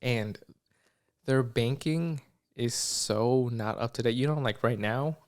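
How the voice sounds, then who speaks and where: In a mid-range voice, a young podcast co-host takes it slowly as he tells a story during casual chat. He still gets animated, voicing the people in it and swearing freely.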